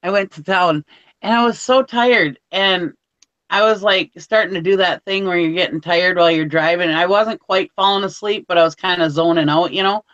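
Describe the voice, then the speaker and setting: A woman's voice: lowish voice, moderate pace, fairly bright tone, no room sound. A woman co-hosting a casual chat, telling rambling anecdotes full of fillers. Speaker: show co-host. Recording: dull, lo-fi sound.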